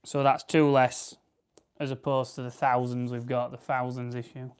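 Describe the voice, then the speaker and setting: South Yorkshire bloke, young, rambling livestream host, clear smooth voice, mid pitch. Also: male voice, level tone, normal speed. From South Yorkshire, England. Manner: chatty, rambling, reads out viewer comments. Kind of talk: casual live-stream chat while plucking grouse.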